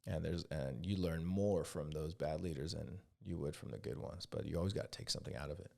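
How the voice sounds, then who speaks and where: A man's voice: a bass voice, a little fast, vocal fry. A man hosting a podcast, rambling through casual profane stories about his Army days and acting out the other people's lines. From California. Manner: profane, rambling, with animated quoted dialogue. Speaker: podcast host; Army veteran. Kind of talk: casual solo storytelling.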